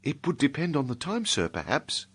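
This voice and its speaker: A man's voice: mid-range voice, huge pitch swings, normal speed, fairly bright tone, breathy edge, voice pushed up, full character voice. A man with a British accent reading an audiobook, voicing a timid young serving maid in a deferential, hesitant manner. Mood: shy. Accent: British English. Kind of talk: audiobook character voice.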